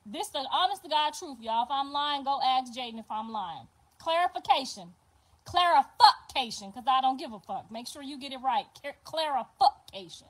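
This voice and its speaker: An older woman hosting a livestream, telling a story in a casual, animated and profane way, swearing and repeating herself for emphasis. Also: high-pitched, a little fast. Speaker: livestream host.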